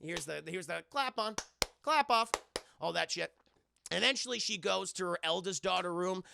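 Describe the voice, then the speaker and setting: Gravelly man ranting on a stream. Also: sits high, normal speed, background noise. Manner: rambling, profane, animated storytelling. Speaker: streamer reviewing a film. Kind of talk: casual live-stream recap.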